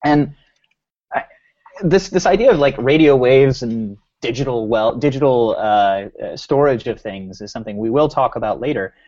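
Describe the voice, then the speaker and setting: A man co-hosts a casual podcast and thinks aloud, circling back and restarting his sentences as he goes. His voice sits at an ordinary pitch for a man. The audio is slightly dull and lo-fi. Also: lively intonation, moderate pace, darkish tone. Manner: rambling, with many restarts and fillers. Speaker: podcast co-host.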